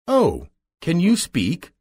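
A curious, polite little girl from a storybook, put on by a male reader. The voice sits well above his own and carries a husky edge. Every line comes slow and careful, with big swoops of pitch. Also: huge pitch swings, exaggerated voice. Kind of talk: storybook reading.

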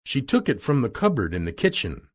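A man narrating a children's storybook in a slow, expressive read-aloud manner. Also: mid-range voice. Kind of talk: storybook reading.

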